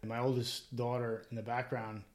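A man's voice: medium pitch, little pitch movement, a little fast. A middle-aged man co-hosting a podcast, chatting casually, laughing often and repeating words as he starts sentences. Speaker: podcast co-host. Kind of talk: casual chat.

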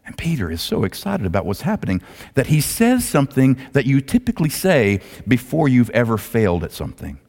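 A male pastor preaching a sermon as a dramatic storyteller who swings between loud, rising lines and hushed, low ones. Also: huge pitch swings, fairly quick, vocal fry. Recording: long hall reverb.

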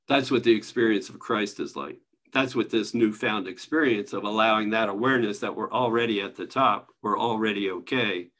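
Relaxed man leading a spiritual study group. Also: fairly low pitch. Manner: relaxed, chuckling, conversational. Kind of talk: casual spiritual teaching. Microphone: video call.

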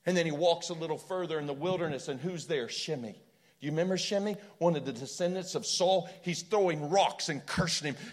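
A man's voice: fairly high pitch, fairly quick. A man preaching a sermon with impassioned storytelling and rhetorical questions.

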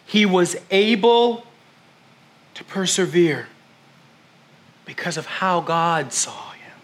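A man's voice: high-pitched, lively intonation, slow, fairly bright tone. A man preaching a sermon in church, emphatic, calling his congregation "family" and urging them to turn to their neighbors. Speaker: pastor.

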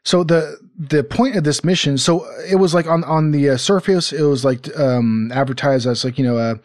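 A man's voice: on the high side, normal speed, no echo, studio quality. A man hosting a casual podcast, rambling with many fillers and restarts. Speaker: podcast host.

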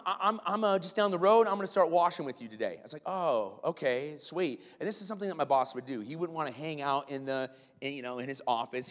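Man, sermon storytelling, slightly high voice, lively delivery, long hall echo. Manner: animated storytelling with quoted voices.

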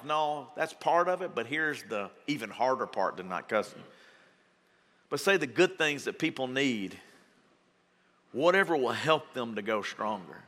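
A male pastor preaching with a bright, forceful voice that sits a little high. He is animated and folksy, jumping up in pitch to act out the voices he quotes. Long reverb trails off his words in a big church hall. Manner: folksy, joking. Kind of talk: sermon.

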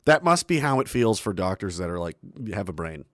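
A man's voice: low voice, big pitch swings, brisk, a bit bright, no echo. A man live streaming who chats casually into a close mic on an arm, rambling, swearing and mocking himself. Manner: rambling, profane, self-mocking. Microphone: close studio mic on an arm.

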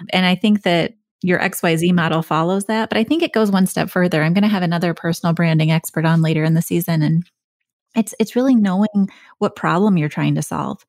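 A woman's voice: fairly low pitch, darkish tone, no echo, studio quality. A woman hosting a podcast interview, encouraging her guest with frequent affirmations. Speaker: podcast host. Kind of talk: casual interview.

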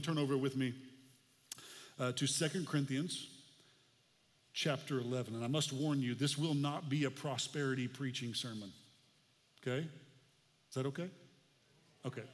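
A man's voice: a little high, in a large hall. A man in his forties from the United States, preaching a sermon as pastor in a conversational, folksy way with casual asides.

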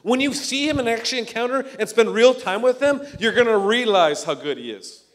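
High-voiced man preaching a lively sermon. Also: fairly quick. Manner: energetic, conversational preaching with acted-out quotes. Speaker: pastor.

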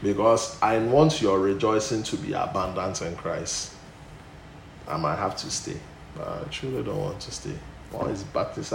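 A man preaching a sermon, swinging from emphatic loud bursts back down to low, quiet delivery. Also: measured pace, gravelly. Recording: echoey room with faint noise.

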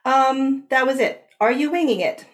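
A woman's voice: high-pitched, normal speed. A woman hosting an interview, reading listener questions in a playful way and laughing easily. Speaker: host.

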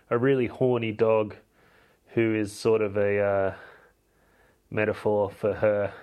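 Cheeky man recapping a film. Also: on the low side. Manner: cheeky, irreverent, chatty. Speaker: podcast host.

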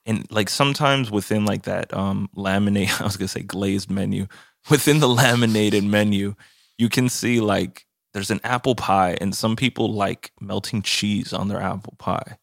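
A man's voice: on the low side, moderate pace, gravelly, no room sound, studio quality. A man co-hosting a casual podcast, telling stories in a loose, profane way with lots of filler words. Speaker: podcast co-host. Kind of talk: casual chat.

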